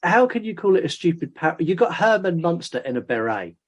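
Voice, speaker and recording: A man's voice: fairly high pitch, big pitch swings, brisk. A man hosting a podcast, recapping a film plot in casual chat and laughing often. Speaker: podcast host.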